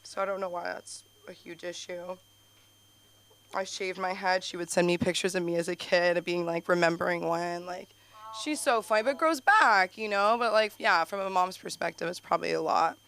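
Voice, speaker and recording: A woman's voice: on the low side, moderate pace, fairly bright tone, a little hiss or hum. A young woman doing a rambling stand-up set at an open mic, chatty and giggly, with lots of "like" and restarts. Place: small comedy club stage.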